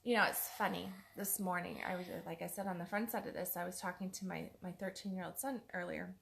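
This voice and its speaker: A woman's voice: fairly low pitch, steady tone, fast talker, creaky, a bit bright, a little hiss or hum. A woman life coach giving a chatty motivational talk, repeating her points for emphasis. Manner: chatty, acts out other people's words.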